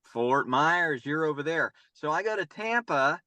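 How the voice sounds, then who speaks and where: A middle-aged North Carolina youth baseball coach answers interview questions in long, wandering stories, repeating himself often. His fairly high voice has lively intonation and sounds pushed and bright, delivered a little slowly without echo.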